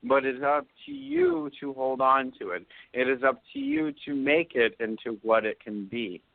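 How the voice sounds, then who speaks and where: A man's voice: medium pitch, wildly swooping pitch, creaky, no echo. Man giving psychic readings over a phone line. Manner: soothing, drawn-out pronouncements with frequent "okay?". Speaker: psychic radio host. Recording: dry phone-line sound.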